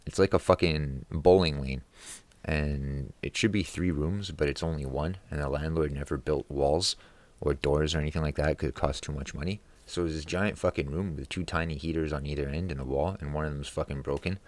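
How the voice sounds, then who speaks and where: A man's voice: a bass voice, fairly even intonation, fairly quick, darkish tone, no echo. A man vlogging from his room at home in a casual, angry, profanity-laden rant. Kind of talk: casual ranting monologue.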